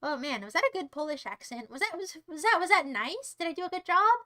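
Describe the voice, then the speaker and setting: Very high, bright-voiced teasing woman streamer. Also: animated, fast talker, few pauses. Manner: playful, teasing, mock-sweet; rambling, chats to viewers by name. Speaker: livestreamer. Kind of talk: casual livestream chat.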